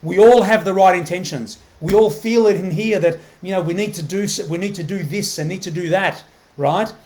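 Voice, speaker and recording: Guy doing a motivational live vid, kinda high voice, keeps going "right?" and repeating stuff. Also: a little fast, darkish tone. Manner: earnest, keeps asking "right?" to the viewer; repeats himself, many fillers and restarts. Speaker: motivational host. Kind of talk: motivational live video talk.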